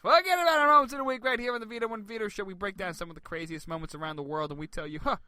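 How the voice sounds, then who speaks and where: A man's voice: sits high, rapid-fire, clean tone, no echo, clean studio sound. A man co-hosting a comedic radio talk show, riffing jokily and laughing often. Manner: jokey, laughs often, riffs loudly.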